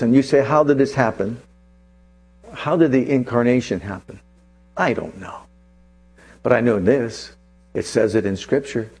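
A man preaching a sermon, swinging from hushed, low asides to soaring, fervent scripture recitals. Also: breathy edge. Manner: chants scripture with rising fervor.

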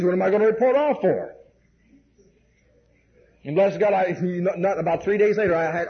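A man's voice: high-pitched, dull audio, a little hiss or hum. A man preaching a sermon, telling folksy stories with many "bless God"s and "amen"s, acting out dialogue and laughing along the way.

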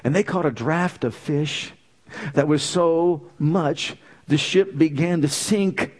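A man delivering a sermon with emphatic, punchy phrasing. He leans on rhetorical questions and repetition to drive each point home. His voice sits a bit higher than most men's. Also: unhurried. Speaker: preacher.

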